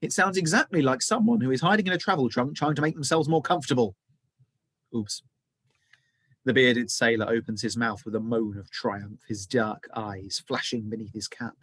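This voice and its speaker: A male teacher reading a children's novel aloud, with expressive, dramatic storytelling. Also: medium pitch, normal speed, breathy edge, dry recording.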